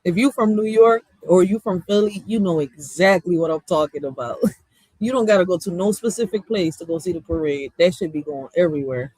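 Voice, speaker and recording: A man's voice: high voice, a little fast, darkish tone, husky, no echo, rough recording. A young man, chatting casually and rambling with slang and frequent laughs as he answers his chat. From US East Coast. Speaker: streamer responding to chat.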